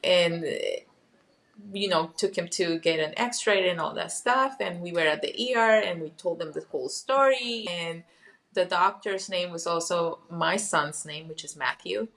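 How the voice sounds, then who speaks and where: A woman's voice: on the low side, unhurried, a bit bright. A middle-aged woman, a hypnotherapist, telling a personal story in a casual interview, acting out the voices of people she quotes. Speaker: hypnotherapist guest.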